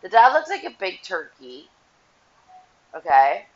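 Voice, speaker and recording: A woman's voice: fairly low pitch, unhurried, muffled recording. Rambling, gossipy woman host. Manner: rambling and gossipy, with lively swings. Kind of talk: casual unscripted chat. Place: at home with the TV on.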